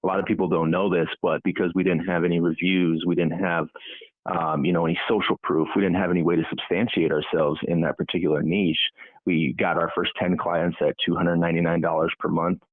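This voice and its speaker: Low-voiced guy on a tinny phone-ish line, chatty with lots of ums. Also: level tone, a little fast, no room sound. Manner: talkative, many fillers and restarts. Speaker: podcast guest, agency owner. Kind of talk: casual conversational interview.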